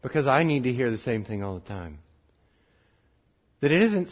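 A man preaching a sermon in an earnest way, switching between urgent bursts and quiet, drawn-out phrases. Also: medium pitch, animated, dull audio.

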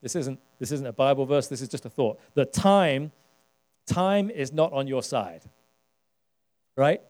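A man's voice: medium pitch, expressive, measured pace, darkish tone. A middle-aged British man preaching a sermon in church, talking conversationally and rallying the congregation with questions. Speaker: pastor. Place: church service.

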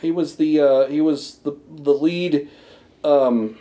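A man co-hosting a casual podcast, excitable, swearing and laughing freely. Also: a little high, takes it slowly. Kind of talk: casual chat.

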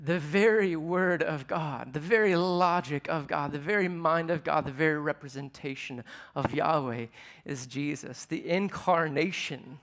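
A man's voice: a little high, unhurried, a bit bright. A man preaching a sermon to a live audience in a conversational way, asking them questions as he teaches. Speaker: pastor.

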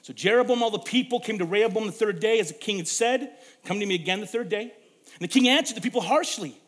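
A young man preaching a sermon, telling stories and swinging from loud emphasis to hushed, quiet lines. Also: sits high, quick pace. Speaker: pastor.

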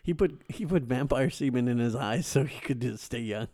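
Giggly, lively-voiced male podcast co-host. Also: medium pitch, brisk. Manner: giggly, blunt, swears freely. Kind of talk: casual chat.

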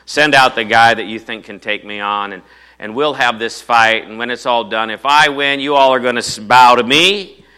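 A brash, boastful giant warrior bellows his challenge across the battlefield, as a male preacher puts him on, loud and forceful. His taunts come in slangy, swaggering bursts. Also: medium pitch, moderate pace, clear, resonant tone, lightly acted, low-quality recording. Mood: taunting.

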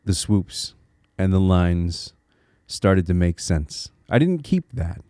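A podcast host from Connecticut, USA, speaks alone in a low, warm voice with big pitch swings, taking his time. He's earnest, reflective, and encouraging, making small restarts as he thinks aloud, and the studio sound is clean with no room sound.

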